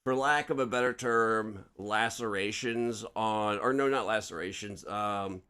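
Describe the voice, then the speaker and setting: A man's voice: fairly low pitch, a little slow, pushed and bright, smooth. A man hosting a casual true-crime podcast chat, rambling, swearing freely and correcting himself as he goes. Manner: rambling, profane, self-correcting. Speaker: podcast host.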